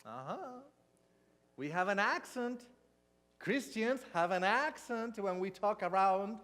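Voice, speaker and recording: A man with a Hispanic accent delivers a sermon in a church hall. His voice is high for a man, and he talks slowly and deliberately, acting out small dialogues as he tells his stories. The sound carries a long church reverb. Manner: storytelling, animated with mock dialogue. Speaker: preacher.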